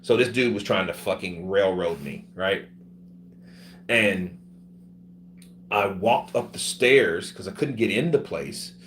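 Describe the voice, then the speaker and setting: A sick man casually telling a profane, animated story about his travels, acting out the other people's voices as he goes. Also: deep voice, slow pace, pauses often, a little hiss or hum. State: sick with covid.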